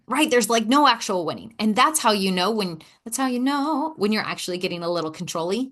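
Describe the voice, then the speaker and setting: A woman's voice: medium pitch, expressive, a little fast, a bit bright. A woman hosting a casual self-help podcast, talking candidly and self-deprecatingly, sighing, with playful sass. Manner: acts out quoted dialogue in shifting voices. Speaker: podcast host.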